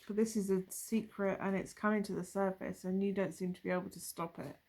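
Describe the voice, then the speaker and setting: A woman's voice: medium pitch, fairly even intonation, brisk, gravelly, darkish tone. A woman doing a casual tarot reading, musing and thinking aloud as she turns over cards, with trailing asides. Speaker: tarot reader.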